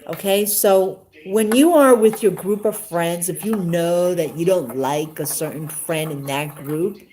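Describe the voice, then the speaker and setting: A woman's voice: on the low side, unhurried, warm tone, a little hiss or hum. A middle-aged woman vlogging about her life, heartfelt and rambling, full of fillers like "you know", at times close to tears. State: tearful at times. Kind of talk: emotional personal vlog talk.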